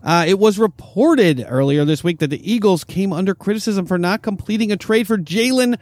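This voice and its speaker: A man with a slightly raised voice hosts a sports talk show. He reads news items in a brisk, steady way and then hands off to his co-hosts. The sound is dry and close. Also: high voice, no echo. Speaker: podcast host.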